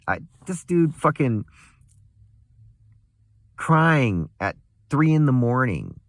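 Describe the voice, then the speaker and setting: A man's voice: mid-range voice, very animated, takes it slowly, pauses often, no echo, studio quality. A young man in a casual, angry, profane rant, laughing bitterly and swinging between muttering and a raised voice.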